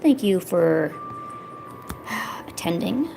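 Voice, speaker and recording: A young woman streaming, coaxing and teasing her cat in a playful, high-pitched baby-talk voice. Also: big pitch swings, drawn-out words, gravelly, music in the background. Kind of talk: live-stream chat.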